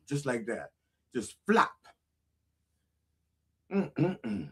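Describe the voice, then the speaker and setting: A husky-voiced man with an American accent, delivering a mock sermon with a preacher's cadence. His pitch sits a little high and swings widely, rising and falling like a revival preacher. He leans hard on bawdy humor and keeps coming back to "that's right.". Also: very animated, unhurried, fairly bright tone. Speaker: comedic preacher host. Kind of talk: parody sermon.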